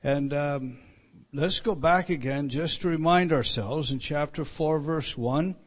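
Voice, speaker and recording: A man's voice: fairly high pitch, a little slow. A man giving an evening Bible teaching. He works through verses and stresses each quoted line, often repeating a word as he starts a sentence.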